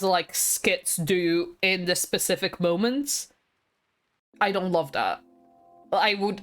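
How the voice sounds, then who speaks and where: A chatty woman streamer talks to her viewers in easy, excitable conversation, laughing often as she tells stories. Her pitch sits in a middle range. Soft music plays faintly behind her. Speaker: game streamer. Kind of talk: casual stream chat.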